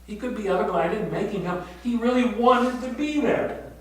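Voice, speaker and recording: An older male pastor giving a retreat sermon, telling a tender story and often sinking to a hushed near-whisper. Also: sits high, fairly quick. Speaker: pastor leading a prayer retreat. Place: retreat meeting room. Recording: echoey room from far off with faint hum.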